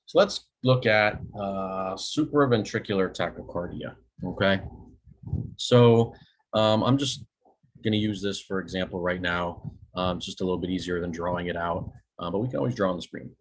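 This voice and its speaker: A man's voice: low voice, moderate pace. A man teaching a recorded lecture over a shared screen, casual and self-correcting, often checking in with "okay?" and dropping dry jokes. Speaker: EMS instructor.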